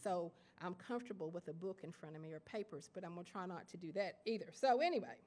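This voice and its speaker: Her voice sits on the low side, slightly mellow, with lively intonation and an Appalachian Kentucky accent. As a guest lecturer before writers in a lecture hall, she speaks haltingly and self-deprecatingly, often restarting and using fillers.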